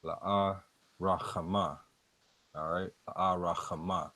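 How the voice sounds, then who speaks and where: Slow, deep-voiced man teaching scripture. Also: fairly even intonation, sharp tone, dry recording, low-quality recording. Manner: slow, halting, repeats words and fillers. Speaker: street preacher teaching scripture. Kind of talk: casual Bible teaching, word by word.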